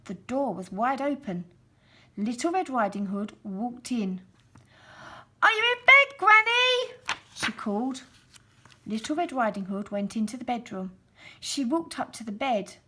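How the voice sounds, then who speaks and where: A woman reads a children's storybook aloud in a slow, unhurried voice. Her tone is gentle and a little breathy, with a slightly high pitch. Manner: slow, gentle, expressive reading.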